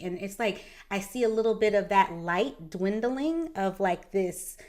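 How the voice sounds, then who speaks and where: A woman in her thirties hosting a heartfelt conversation, speaking earnestly and reflectively. She gathers her thoughts with pauses and fillers, in a voice of middling pitch. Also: lively intonation, a little mellow. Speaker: podcast host.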